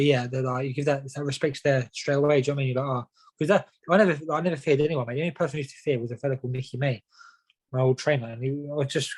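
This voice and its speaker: Young man, quick-fire podcast guest, peppers every line with "mate". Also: mid-range voice, low-quality recording. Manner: rapid, says "mate" and "do you know what I mean" constantly. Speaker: professional boxer guest. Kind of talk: casual podcast chat.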